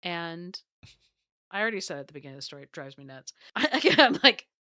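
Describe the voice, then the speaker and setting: Podcast lady retelling a story, animated and giggly, bright clear voice, close dry mic. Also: lowish voice, quick pace, no echo. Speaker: podcast co-host. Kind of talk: casual storytelling chat.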